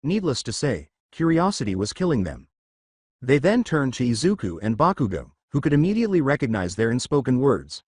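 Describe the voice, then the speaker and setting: A man narrating a fan fiction story in steady storybook narration, close to the mic. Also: medium pitch, a little fast, husky, no room sound.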